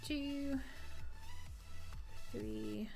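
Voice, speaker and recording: A woman's voice: high-pitched, steady tone, drawn-out words, warm tone, faint music behind. A woman live-streaming as she crochets at home, chatting casually and giggling, and counting her stitches aloud.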